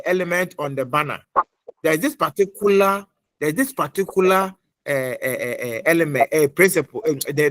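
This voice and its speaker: A middle-aged man lecturing an online class, repeating points and quizzing students with many pauses. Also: on the high side, a bit bright, no room sound. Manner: repetitive, quizzing, fills pauses with uh.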